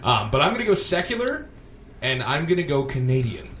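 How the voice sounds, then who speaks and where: A man's voice: medium pitch, big pitch swings, fairly quick, a bit bright, roomy sound, slight background noise. A man co-hosting a quiz segment, making wry, teasing remarks at the others. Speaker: co-host. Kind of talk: casual quiz banter.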